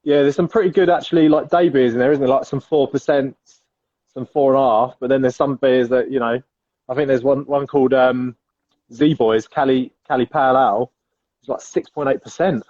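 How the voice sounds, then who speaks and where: An English man co-hosts a live barbecue stream in a matey, rambling way, calling everyone "mate." His voice is mellow and slightly husky, recorded dry and a little dull. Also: mid-range voice, steady tone, brisk, no room sound. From England. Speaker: co-host of a live barbecue show. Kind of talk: casual live-stream chat.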